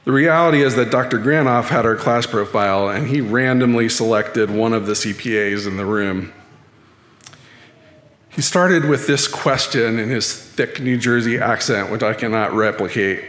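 A lay speaker at church gives a measured, sermon-style talk with dry self-deprecation. His middling, somewhat bright voice echoes through a large church hall with a long reverb tail.

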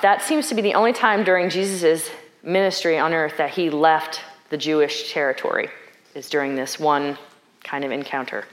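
A woman's voice: on the low side, roomy sound. A woman preaching a sermon in a reflective, conversational way, thinking aloud and asking questions.

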